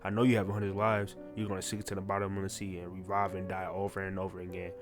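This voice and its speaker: A man's voice: low voice, monotone, fast, music in the background, lightly acted. A man doing an evil taunting eel monster. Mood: gloating. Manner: gloating monologue.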